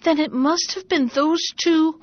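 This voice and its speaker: Woman doing a grumpy scheming guy, loud and bossy, pitched up a bit, muffled audio. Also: a little slow, no echo. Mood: blustering. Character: grumbling, scheming middle-aged man. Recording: dull lo-fi recording.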